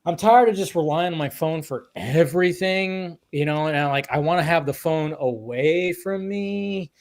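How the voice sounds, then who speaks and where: Male podcast host, casual rambling chatter, swears freely, slightly high voice. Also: moderate pace. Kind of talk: casual chat.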